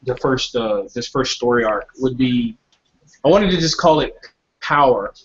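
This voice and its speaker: A man on a video call eagerly pitching his idea for a story. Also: animated, a little slow, slightly rough. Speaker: artist on a show. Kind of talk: casual chat on a video call. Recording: dull lo-fi call audio.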